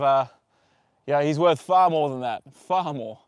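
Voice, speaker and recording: Guy chatting on a phone livestream outside, slightly high voice, dry close sound, lots of um and uh. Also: takes it slowly, long pauses, no room sound. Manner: rambling and easygoing, with many fillers. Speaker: livestream host. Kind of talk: casual live-stream chat reading viewer comments. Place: outdoors with a horse. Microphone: phone on a tripod.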